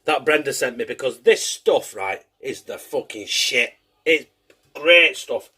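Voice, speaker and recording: A man's voice: mid-range voice, animated, measured pace, bright, forceful tone, slightly rough. A man hosting a casual home cooking show, chatty, laughing and swearing as he works in his kitchen.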